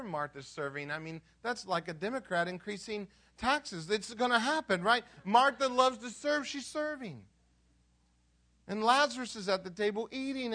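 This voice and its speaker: A pastor preaches with a high, bright voice. He tells the story conversationally, stops to quiz the congregation, and acts out the characters as he goes. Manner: conversational, asks the audience questions. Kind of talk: sermon.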